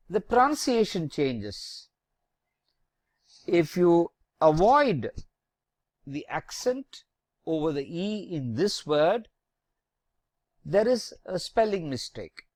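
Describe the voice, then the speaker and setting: A very slow, deliberate teacher taking learners through the French alphabet letter by letter, stopping to correct and explain each sound. The voice moves up and down a lot as letters are drawn out. It is recorded close and dry, with no room sound. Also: mid-range voice, darkish tone, no room sound. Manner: deliberate, spells out letters one by one with corrective tips. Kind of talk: slow alphabet pronunciation lesson.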